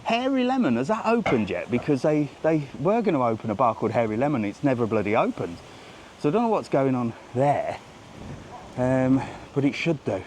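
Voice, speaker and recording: A medium-pitched, slightly mellow man's voice moves fairly quickly with a sing-song lilt, over slight background noise. He's a travel vlogger on a live walking vlog by the sea, handheld phone in hand, joking with and greeting those he passes.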